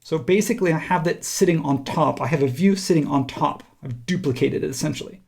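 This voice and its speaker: Relaxed man walking through a software tutorial. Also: on the high side, fairly quick, creaky, slightly rough. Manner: relaxed, conversational, thinks aloud while clicking. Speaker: instructor. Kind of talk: screen-recorded software tutorial.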